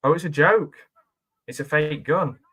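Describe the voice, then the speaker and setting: A man's voice: on the high side, unhurried, a bit bright, breathy edge. A man giving casual, rambling reaction commentary on a film, chatting and laughing as he goes. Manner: chatty and rambling, with frequent laughs and self-questioning asides.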